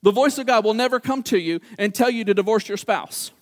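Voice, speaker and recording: Man, preacher, very high voice, animated, acts out dialogue, sermon delivery. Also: brisk.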